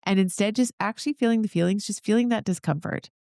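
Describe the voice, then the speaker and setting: A woman's voice: mid-range voice, fast talker, creaky, darkish tone, no echo, clean studio sound. A woman hosting her own podcast, talking straight to her listeners in an upbeat, encouraging way. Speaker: podcast host. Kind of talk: solo motivational podcast talk.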